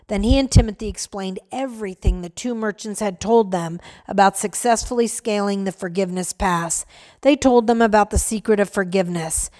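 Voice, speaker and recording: A woman narrating a story aloud in a gentle, measured way, lightly voicing the characters. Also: medium pitch.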